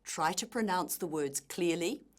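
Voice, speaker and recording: A woman teacher giving slow, deliberate, scripted explanations of pronunciation points. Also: on the low side. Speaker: language teacher. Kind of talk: scripted instructional narration.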